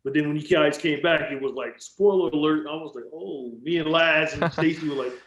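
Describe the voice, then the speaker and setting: A man's voice: on the high side, steady tone, brisk, fairly bright tone, slight background noise. Laid-back man in a roomy, dull recording. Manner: laid-back, swears casually, laughs a lot. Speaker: podcast host. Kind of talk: casual interview chat. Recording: roomy, slightly dull sound.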